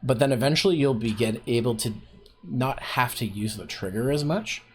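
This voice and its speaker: A man's voice: mid-range voice, moderate pace, a little mellow, slight background noise. Rambling man teaching casually. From Canada. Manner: loose and rambling, heavy on fillers like "like" and "um". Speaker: voice acting workshop host.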